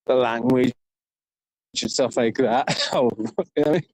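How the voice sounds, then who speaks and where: A rambling Welsh man vlogging as he walks around his town, laughing often and tagging his sentences with "you know what I mean". His voice sits at a middling pitch and is recorded dry and close, with no room sound. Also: fairly even intonation, unhurried, a little mellow, no room sound, rough recording. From South Wales. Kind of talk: rambling walk-and-talk vlog. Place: outdoors, walking around town.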